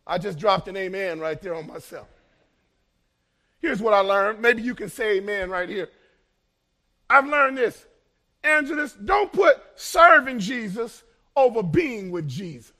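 A middle-aged male pastor preaching a sermon, building to fervent shouts and repeating his phrases in a rhythmic cadence. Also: sits high, animated, unhurried, long pauses.

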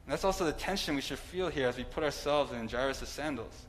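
A man's voice: medium pitch, fast talker, a little hiss or hum, poor audio. A man preaching a sermon in a conversational way, with asides and some humor.

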